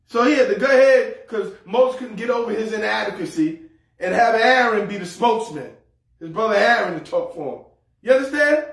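A man preaching a sermon as pastor, humorous and folksy, repeating words as he goes. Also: sits high. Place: church sanctuary. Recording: echoey hall, mic far off.

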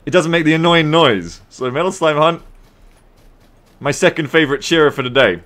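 An Australian man streams a game live and talks straight to his chat. His banter is profane and sarcastic, and his voice has a bright, forceful edge with a lot of rise and fall. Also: on the high side, expressive, a little fast. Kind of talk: live gameplay stream chatting with viewers.

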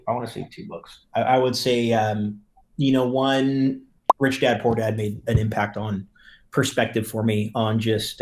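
A man, a real estate team leader, talking bluntly and profanely as a podcast guest about hard work. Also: on the low side. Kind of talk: casual podcast chat.

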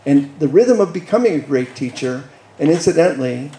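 A man's voice: on the high side, animated, a little fast, dark tone, roomy sound, slight background noise, rough recording. A man in his sixties giving a public lecture at a college, wry and teasing but earnest. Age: 60s. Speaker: guest speaker.

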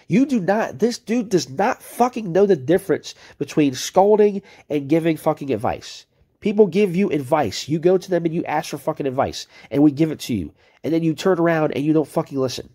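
A man's voice: fairly high pitch, dark tone. A man giving heated, profane commentary on chat messages he reads out, ranting and cursing as a video creator.

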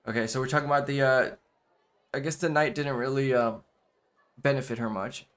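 A man's voice: mid-range voice, fairly even intonation, brisk, fairly bright tone, clean tone. A man giving casual let's-play commentary, rambling with lots of fillers and repeated "okay.". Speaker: gameplay commentator.

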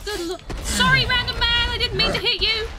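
A woman streamer giving casual gaming commentary, giggly and excitable, often breaking into shrieks. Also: extremely high pitch, fairly quick. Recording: noisy stream audio.

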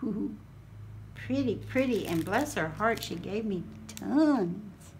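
A woman's voice: medium pitch, animated, slow pace, darkish tone, a little hiss or hum. A woman, hosting a craft channel and chatting casually as she unboxes a gift, exclaiming over each item.

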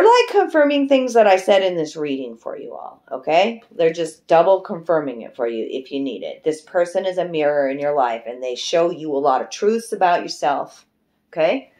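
A middle-aged woman gives a tarot card reading in a lowish, sing-song voice at normal speed, with a darkish tone. She's casual, loose and emotive, swearing freely, chatting away and sometimes breaking into song.

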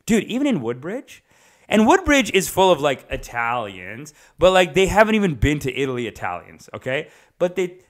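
A male stand-up comedian delivering a rambling comic monologue in a casual, animated way, digressing often and swearing freely. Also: on the high side, normal speed.

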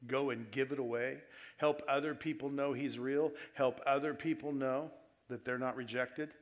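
A man preaching a sermon to his church, moving between quiet appeals and loud emphatic stretches and asking his listeners direct questions. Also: medium pitch, steady tone, moderate pace. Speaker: pastor. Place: church service before a congregation.

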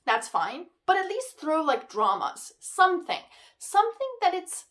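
A woman reviewing books in a casual vlog, excitable and ranting, full of "like" fillers. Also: very high voice, a little slow. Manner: excitable, ranting, heavy use of "like". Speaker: book reviewer. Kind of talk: casual book wrap-up vlog.

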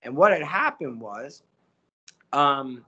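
A man, a voice actor telling stories as an interview guest, animated and slipping into character voices. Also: medium pitch, slow, breathy edge, highs cut off. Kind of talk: casual storytelling interview.

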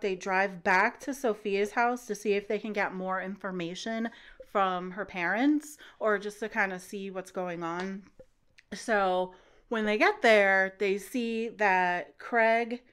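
A woman hosting a casual book-recap podcast, talking loosely with many fillers and acting out the characters' lines in quick put-on voices. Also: medium pitch, steady tone, smooth.

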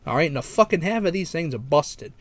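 A man playing a gruff, irate male customer who complains and curses on a prank call. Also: fairly high pitch, expressive, fast talker, pitched above the performer's own voice. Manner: blunt, cursing, complaining.

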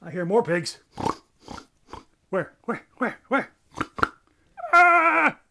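Brief: woman playing a cocky cartoon bird boss, shrieky and giggly, lively swoops, slow delivery. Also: on the low side, heavy background noise. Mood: giddy boasting. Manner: loud, giggly, squealing. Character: boastful excitable bird leader, male. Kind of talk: toy play-acting with voices.

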